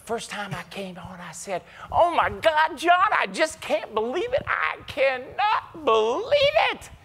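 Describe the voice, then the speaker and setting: A man doing an impression of an older, confident and folksy male tech executive, talking slowly with emphatic drawling delivery. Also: on the high side, big pitch swings, creaky, a bit bright, full character voice.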